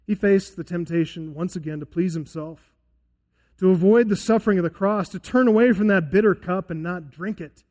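A male pastor preaching a sermon in a church and closing in prayer, earnest, falling to a hushed, soft tone as he prays. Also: high voice, moderate pace.

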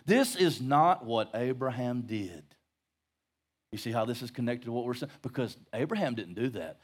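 A man's voice: mid-range voice, very animated, moderate pace. A middle-aged male pastor teaching verse by verse in a conversational sermon, with jokes and rhetorical questions to the congregation. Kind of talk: expository Bible-study sermon.

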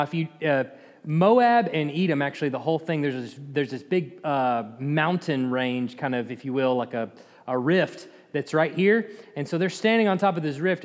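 Animated high-voiced man teaching a Bible class. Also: normal speed. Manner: animated storytelling with laughs and asides to the class. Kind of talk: Bible study lesson. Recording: echoey hall.

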